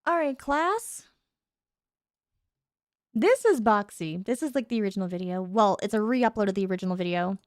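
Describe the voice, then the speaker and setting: A woman hosting a stream in casual chat, bubbly and animated, reacting to her chat in a playful way. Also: mid-range voice, normal speed, pauses often, no echo, clean studio sound. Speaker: VTuber streamer, host.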